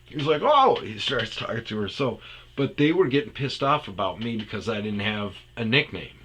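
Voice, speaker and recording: A man tells rambling, profane comedic stories about his past on a podcast, slipping into impressions as he goes. His voice is on the low side and fairly bright, at a moderate pace. The recording is rough, with a little hiss or hum.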